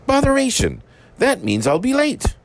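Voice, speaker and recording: A man's voice: extremely high pitch, huge pitch swings, normal speed, voice pushed up, full character voice. A man voicing a boastful, flustered male tank engine that stammers when caught out, in a storybook tale. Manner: stammering, bluffing. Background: background music.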